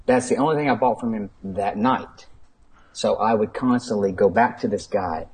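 Man, husky voice, low register, rambling chatty guest. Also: normal speed, low-quality recording. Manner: rambling, laughing, many fillers. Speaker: guest, toy collector. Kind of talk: casual anecdotal storytelling.

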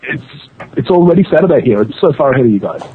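A man's voice: medium pitch, expressive, fast talker, narrow, tinny audio. An Australian man joining a podcast as a guest over an internet call, joking drily. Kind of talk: casual chat over a call.

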